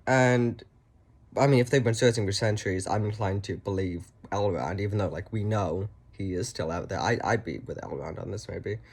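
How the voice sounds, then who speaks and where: A man's voice: on the low side, normal speed, creaky, a little mellow, slightly rough. A man giving a casual spoken review, rambling with many ums and a mocking, sarcastic edge. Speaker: reviewer and author.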